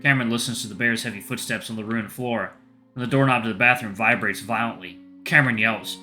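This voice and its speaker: A male let's play host reads a visual novel aloud, telling the story at a steady pace. His voice is very bright, with a mid-range pitch. Light music plays faintly behind him. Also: quick pace.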